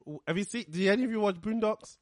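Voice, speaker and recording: A man co-hosting a casual podcast chat, an animated storyteller. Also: high-pitched, fast, a crowd in the background.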